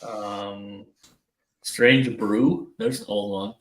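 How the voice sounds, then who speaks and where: Very slow and fairly even in intonation, this fairly low-pitched older man from Wisconsin, USA, speaks with an Upper Midwest accent as a livestream co-host. He rambles, curses, and laughs often in casual conversation, recorded roughly in an echoey room.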